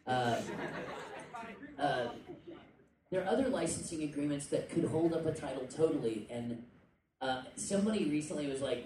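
A man talking casually to a convention panel audience, rambling with jokey asides and quick tangents. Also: medium pitch, darkish tone. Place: indoor convention panel room. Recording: echoey room, distant mic, faint noise.

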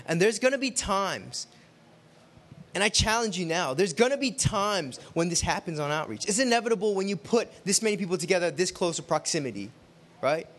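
A man with a fairly high voice delivers a sermon built around a personal story. He talks in a chatty, animated way, slipping into the voices of the people he quotes. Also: brisk. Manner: animated, conversational, acts out quotes. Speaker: preacher.

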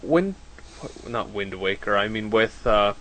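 A man co-hosting a gaming podcast, reacting fast and cracking crude jokes in casual chat. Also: fairly low pitch, lively intonation, bright, forceful tone. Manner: quick reactions, crude jokes, gropes for words. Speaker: podcast co-host.

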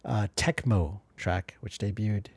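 Husky laid-back podcast host. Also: male voice, lowish voice, slow, a little mellow, no room sound. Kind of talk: casual chat.

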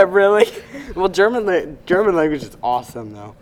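A man's voice: high voice, big pitch swings, moderate pace. A young man co-hosting a casual podcast, chatty and rambling, laughing often. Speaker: podcast co-host. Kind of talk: casual chat.

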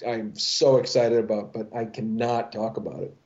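A middle-aged voice actor with a lowish, darkish voice and fairly even intonation chats at a moderate pace in a casual interview. He's rambling and playful, often correcting himself and restarting sentences. The dull lo-fi recording has a little hiss or hum.

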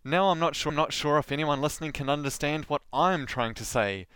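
Male podcast host, Southland Kiwi accent, smooth voice, dead-dry close mic, wry scripted read. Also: mid-range voice, brisk, hardly any pauses, a bit bright, no room sound. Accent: Southland New Zealand. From New Zealand.

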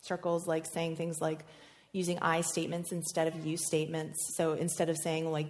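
A woman's voice: deep voice, monotone, moderate pace, a little mellow. A woman presenting a marriage class, casual and chatty with frequent fillers. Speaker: workshop presenter.

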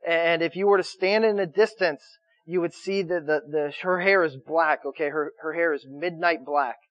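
A man's voice: a little high, moderate pace, dry recording, dull audio. A man preaching a sermon in a loose, conversational way, often restarting his words and checking in with his listeners. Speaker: pastor.

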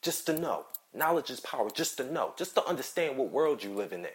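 Guy ranting hard on his own show, cussing and repeating himself, mid-pitched voice. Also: big pitch swings, brisk. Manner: heated, profane, repetitive ranting. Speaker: podcast host. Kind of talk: angry solo commentary.

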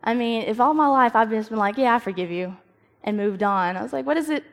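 A woman's voice: fairly high pitch, a little fast. A young woman giving a casual devotional talk, telling stories and acting out her own thoughts. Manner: chatty, storytelling, acts out her own inner dialogue. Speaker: youth speaker. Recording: long reverb of a hall.

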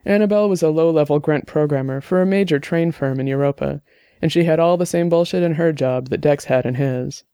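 A man's voice: fairly high pitch, a little fast, warm tone, clear, resonant tone, no echo, studio quality. A man narrating a novel in a podcast, reading steadily and evenly. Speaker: audiobook narrator.

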